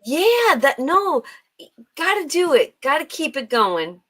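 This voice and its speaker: Playful teasing woman, somewhat high voice. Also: sing-song, unhurried, bright, forceful tone, low-quality recording. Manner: playful, teasing, laughs a lot. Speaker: livestream co-host. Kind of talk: casual livestream chat.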